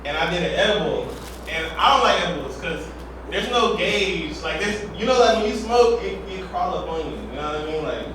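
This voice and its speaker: A man's voice: high voice, lively intonation, fairly quick, background noise. A man doing a loose, rambling stand-up set with a lot of swearing, on a comedy club stage. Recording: roomy club, far mic, loud audience laughter.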